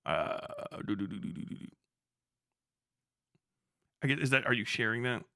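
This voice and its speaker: Bright, mocking young male streamer. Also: medium pitch, animated, moderate pace, gravelly, dry recording, clean studio sound. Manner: profane, mocking, laughs often. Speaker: live streamer. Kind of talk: casual livestream commentary.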